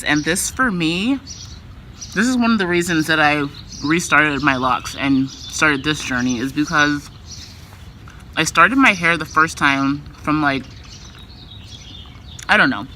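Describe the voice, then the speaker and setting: A woman's voice: low-pitched, sharp tone, a little hiss or hum. A woman vlogger talking in a casual, loose way, full of filler words. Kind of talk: casual vlog chat.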